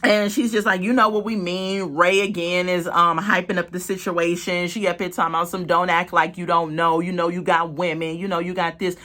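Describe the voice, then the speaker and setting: A woman's voice: lowish voice, a little fast, hardly any pauses. A woman casually recapping a reality show episode, talking straight to her viewers and acting out what people said. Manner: animated storytelling, acts out quotes; chatty, laughs, talks to viewers as "y'all" and "girl".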